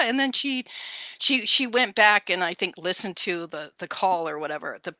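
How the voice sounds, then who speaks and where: A woman co-hosting a casual podcast chat, telling an animated story and acting out quotes in a high voice. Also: normal speed, no room sound. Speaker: podcast co-host.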